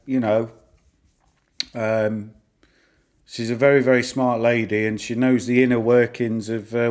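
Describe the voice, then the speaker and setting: A middle-aged man chatting through a live stream at a mid-range pitch. He rambles from point to point in a casual, easygoing way, often amused by his own asides. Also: a little mellow. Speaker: stock-market live streamer.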